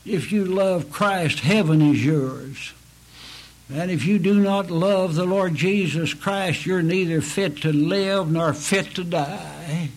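Male preacher, slightly high husky voice, slow deliberate pleading delivery. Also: poor audio. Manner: slow, earnest pleading preaching with rising emphatic peaks. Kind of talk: sermon.

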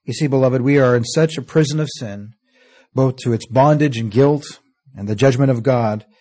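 Man preaching, earnest sermon, mellow warm tone, phrase ends drop quiet, slow stressed scripture reading. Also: mid-range voice. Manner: earnest, often trailing off softly at phrase ends; reads scripture in slow, stressed King James cadence.

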